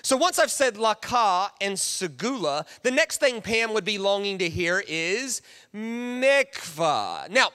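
A man delivers a sermon with animated energy, slipping into little acted voices for the people he quotes. His voice sits high and bright. The sound carries the long reverb of a large hall. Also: takes it slowly, clear, resonant tone. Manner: animated, acts out quoted voices, restarts often. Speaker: pastor.

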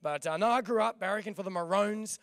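Hoarse young Australian pastor. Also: male voice, high voice, fast, dry recording, studio quality. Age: young adult. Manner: energetic, jokey, calls out to the crowd. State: hoarse, voice nearly lost. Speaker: guest pastor. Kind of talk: church sermon.

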